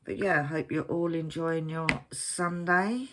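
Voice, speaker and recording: A woman's voice: deep voice, fairly even intonation, a little slow. A woman chatting casually while she crafts at home, rambling and poking fun at herself. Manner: rambling, chatty, self-mocking. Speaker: crafting vlogger. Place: at home, at her craft desk.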